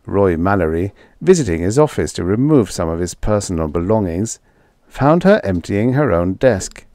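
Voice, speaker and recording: A man narrates an old science fiction story with expressive storytelling. His voice sits low and moves lively through its pitch. The recording is close and dry. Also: normal speed, no room sound. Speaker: audiobook narrator.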